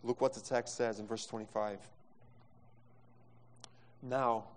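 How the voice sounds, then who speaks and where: A man's voice: mid-range voice, a little mellow. A man preaching a sermon as pastor into a microphone, with passionate delivery and phrasing. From Brazil. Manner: impassioned preaching, non-native phrasing, acts out quotes. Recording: long reverb from a hall.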